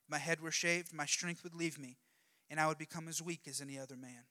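A strong, offhand male hero, as a preacher plays him, talking casually in a high, bright voice. A long hall reverb trails behind his words. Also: steady tone, fairly quick.

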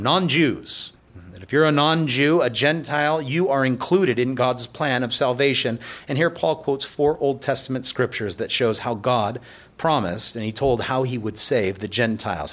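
A pastor preaching a sermon in church, explaining scripture in a conversational way with playful asides. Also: male voice, medium pitch.

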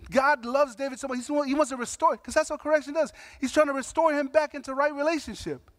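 A man with a high-pitched voice delivers a sermon in a relaxed, conversational way, mixing emphatic points with slangy asides and acted-out quotes. The sound is dry and close, with no room echo. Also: quick pace, hardly any pauses. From Samoan heritage. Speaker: pastor.

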